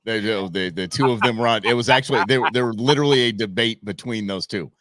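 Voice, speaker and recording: A man from the United States hosting a news talk show, joking and lively, often restarting his sentences. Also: lowish voice, fast talker, dry recording. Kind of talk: casual political chat.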